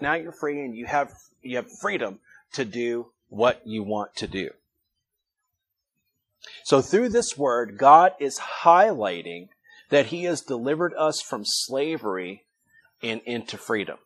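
A man with a husky, breathy voice delivers a relaxed, conversational sermon. He teaches like a pastor walking his congregation through a passage and lifts his voice when he wants to stress a point. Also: mid-range voice. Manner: conversational, reflective teaching with emphatic rises.

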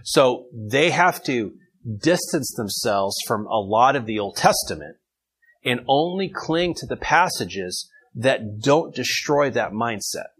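A man's voice: mid-range voice, expressive, slow, a bit bright, slightly rough, low-quality recording. A man leading an informal Bible study, reading verses and taking questions from his group in a conversational way.

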